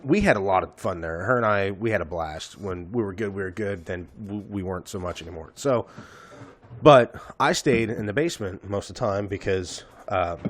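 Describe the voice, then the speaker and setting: Low-voiced man telling a rambling story. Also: normal speed. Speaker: podcast host. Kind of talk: casual storytelling.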